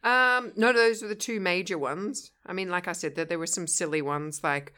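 A woman's voice: on the low side, moderate pace, pushed and bright. A woman co-hosting a podcast, chatting casually with playful banter and frequent giggles. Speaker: podcast co-host. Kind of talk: casual chat.

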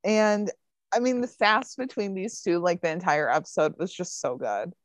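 A woman's voice: fairly low pitch, normal speed, no room sound. Chatty woman recapping a TV episode. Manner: chatty, lots of fillers like "um" and "like". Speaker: podcast co-host recapping a TV episode. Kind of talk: casual recap chat.

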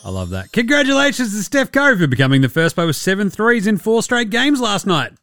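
A man's voice: sits high, very animated, fairly quick, over music. A young man hosting a casual solo sports podcast, rambling and joking with plenty of swearing. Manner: rambling, profane, jokey. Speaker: podcast host.

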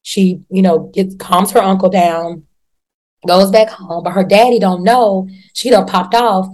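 Host, female, mid-range voice; animated, slangy recap of a TV episode, plays out the characters as she goes. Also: medium pitch, unhurried. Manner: animated storyteller, slangy and profane, acts out characters. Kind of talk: casual chat recapping a TV show.

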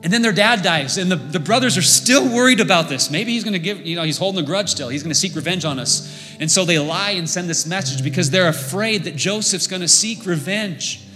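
A man preaching a sermon as pastor, impassioned, building to loud emphatic peaks. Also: high-pitched, brisk. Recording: long reverb with faint music.

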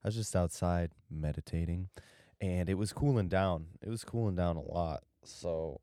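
Drowsy and meandering, a young man hosting a solo podcast wanders off topic and loses track of what he's saying. He has a deep, dark, smooth voice at a moderate pace, recorded cleanly in a studio with no room sound.

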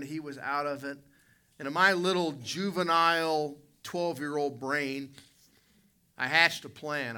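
In a church conference hall, a male pastor preaches a sermon full of folksy, dramatic storytelling, calling out to members of the congregation. His voice is medium in pitch with a sharp tone.

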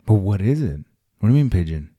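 A man's voice: on the low side, very animated, fast, breathy edge, no echo, highs cut off. A young man in casual chat, curious and laughing, prodding his friend with questions. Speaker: conversation partner.

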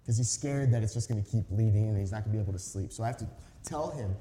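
A man's voice: medium pitch, quick pace, mellow, a little hiss or hum. A man in his thirties preaching a sermon as a pastor, telling a story in a conversational, earnest way with emphatic stresses. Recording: echoey hall reverb.

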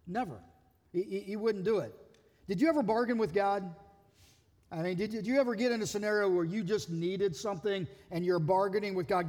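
A male pastor preaching a sermon in an animated way, acting out quoted voices and often repeating words as he goes. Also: sits high, a little fast, big-room sound.

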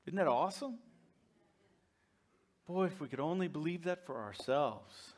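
A man's voice: a little high, lively intonation, measured pace, pauses often. A man preaching a sermon as pastor, conversational and joking with his congregation. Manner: humorous, conversational, laughs with the congregation.

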